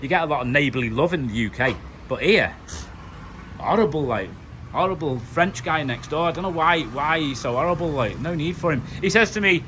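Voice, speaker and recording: A British man from the UK vlogs outdoors at home, rambling to camera in a loose, chatty way full of fillers. His fairly high voice is quick, a bit bright and lively in intonation, with a little hiss or hum in the background.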